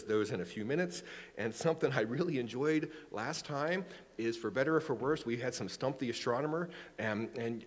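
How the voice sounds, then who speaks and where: A man's voice: medium pitch, in a large hall. A man in his forties giving a public astronomy lecture, chatty and joking about himself, often restarting his sentences. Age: 40s. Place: lecture room.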